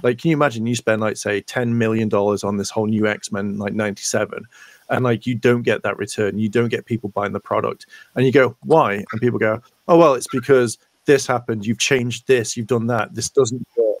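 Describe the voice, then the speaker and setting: A man co-hosting a casual podcast, talking in an animated way, swearing freely and acting out imagined conversations. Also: fairly low pitch, a little fast, no echo. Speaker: podcast co-host. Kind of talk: casual chat.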